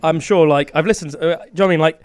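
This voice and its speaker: A man's voice: on the high side, steady tone, very fast. A man co-hosting a podcast in casual chat, rambling with many fillers and restarts. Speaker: podcast co-host.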